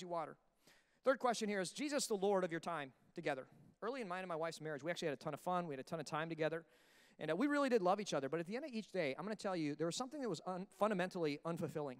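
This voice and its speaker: A man preaching a sermon as pastor in an animated way, breaking into acted asides. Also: sits high, long reverb tail. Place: church sanctuary.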